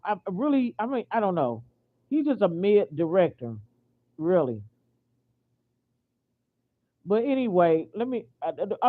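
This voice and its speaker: An American woman ranting in a casual vlog, indignant and repetitive, stopping and restarting her sentences with lots of fillers. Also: medium pitch. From United States. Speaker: vlogger. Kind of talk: casual opinion rant. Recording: tinny phone-like audio.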